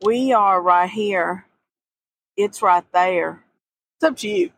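A woman's voice: mid-range voice, slow, husky, rough recording. A middle-aged woman, chatting casually as a podcast co-host while outdoors at sand dunes. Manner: chatty, homespun drawl. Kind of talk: casual travel chat.

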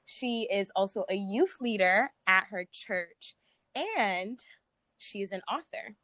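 A woman's voice: medium pitch, animated, slow pace, sharp tone, no echo. A woman co-hosting a podcast, introducing a guest eagerly, with frequent "um". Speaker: podcast co-host.

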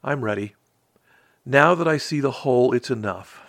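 A man's voice: medium pitch, moderate pace, vocal fry, fairly bright tone, no room sound, studio quality. A man voicing a small, timid carpet beetle that stammers, tearful and full of wonder. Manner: stammering, breathless.

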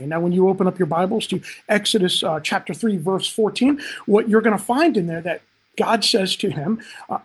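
Pastor, livestream sermon; husky, fervent, talks straight to the flock. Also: medium pitch, moderate pace. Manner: impassioned, swelling to emphatic peaks; frequent "man" interjections, direct address.

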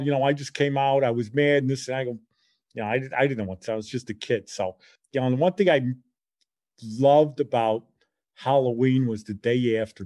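Middle-aged guy telling an old neighborhood story, lively, does the voices, dry close sound. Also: lowish voice, no echo. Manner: animated, acts out quoted voices. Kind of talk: casual personal storytelling.

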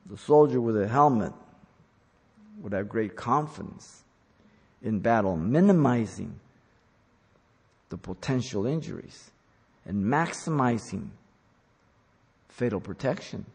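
A husky-voiced man delivers a sermon at an unhurried, measured pace. He preaches with deliberate emphasis and leans hard into key words. His voice rings out with a long, lingering reverb. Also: mid-range voice, expressive, a little mellow. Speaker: pastor.

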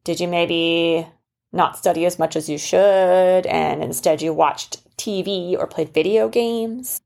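Gentle little bunny guy from a kids story, a mom doing the voice, soft and kind, bit of a low tone. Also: steady tone, takes it slowly, vocal fry. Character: gentle kindly male bunny who gives snuggles.

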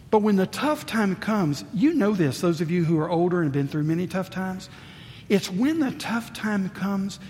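An older man preaching a sermon as pastor, swinging between booming emphasis and hushed asides. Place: church sanctuary. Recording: reverberant church hall, faint rumble.

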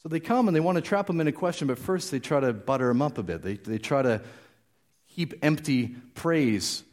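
A man's voice: a little high, animated, fairly quick, darkish tone. A man preaching a conversational, explanatory sermon, often restarting his phrases.

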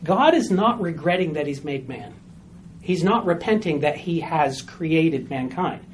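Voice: medium pitch, expressive, a little slow, slight background noise. A Bible study teacher explaining a passage step by step to a small group, repeating key points and often asking "all right?" to check in.

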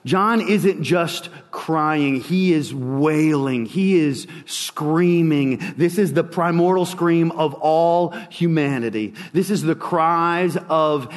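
A man preaching a sermon with a slow, dramatic delivery and long pauses. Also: fairly high pitch, big-room sound.

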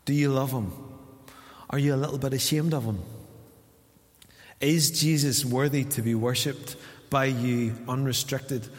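A Northern Irish man preaching at a middle pitch, talking to his congregation as if in conversation and acting out short exchanges. His voice rings out with the long reverb of a large church hall. He speaks as the church's pastor. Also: fairly even intonation, a little slow, pauses often. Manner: conversational preaching that acts out little dialogues. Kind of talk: sermon.

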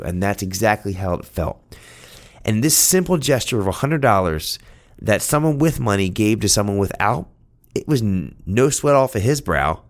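Earnest man telling a personal story. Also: on the low side. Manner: earnest, heartfelt, conversational.

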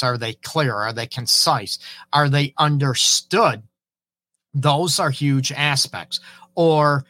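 A middle-aged man, a relationship counselor, hosting an advice talk while hoarse from a cold, earnestly checking in with his listeners. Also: mid-range voice, bright, forceful tone, no echo. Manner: earnest, keeps asking "right?" and "okay?". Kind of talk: live-streamed advice talk.

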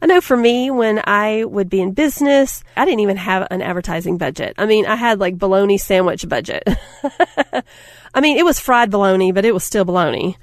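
A middle-aged woman giving a motivational talk, telling stories in an animated way, acting out quotes and laughing often. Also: mid-range voice, a little fast, no room sound, clean studio sound. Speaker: speaker.

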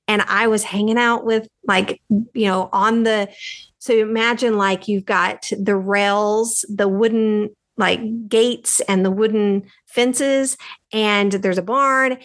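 A woman's voice: mid-range voice, fairly bright tone. A woman podcast host from the United States, telling a personal story in a chatty, rambling way with lots of "like" fillers.

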